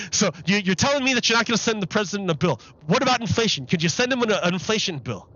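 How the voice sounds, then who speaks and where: A man's voice: high-pitched, animated, quick pace, sharp tone, highs cut off. A man live-streaming commentary on a political interview, exasperated and repeating his questions over the clip.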